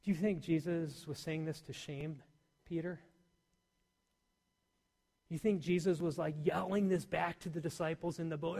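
A male pastor preaching a sermon in a church, swinging between loud emphatic peaks and soft near-whispers. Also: fairly high pitch, fairly even intonation, moderate pace, gravelly, pauses often. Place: church hall. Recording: long hall reverb.

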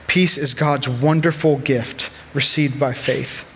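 A man's voice: on the high side, steady tone, measured pace, few pauses, slight background noise. A man in his thirties preaching a sermon as a pastor, earnest and conversational, weaving personal stories into his message.

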